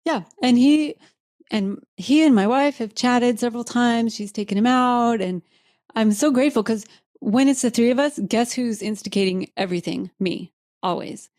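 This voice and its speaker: A woman's voice: a little high, moderate pace, darkish tone, no echo. Woman podcast host, candid and emotional storyteller, dry close sound. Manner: candid, heartfelt, laughs easily.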